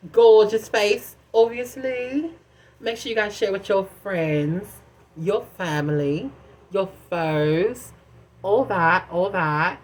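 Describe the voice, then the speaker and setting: A young woman vlogger telling a personal story to camera in a casual, chatty way, keeps calling the viewer girl and y'all, with dramatic swings of pitch and loudness.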